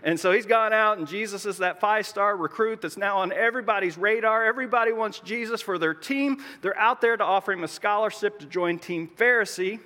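A man's voice: high-pitched, fairly quick, few pauses, pushed and bright. A man pastor preaching a sermon in a conversational, explanatory way, with joking asides. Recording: long reverb of a large hall.

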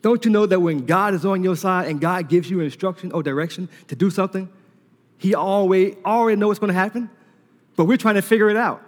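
A man with a high voice preaches to a congregation, and he tells his story with lively energy while acting out the conversations. His voice rings through a large hall with a long, trailing reverb. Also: fairly quick. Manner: animated storyteller who laughs and acts out dialogue. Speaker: preacher giving a testimony. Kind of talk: sermon delivered as a personal story.

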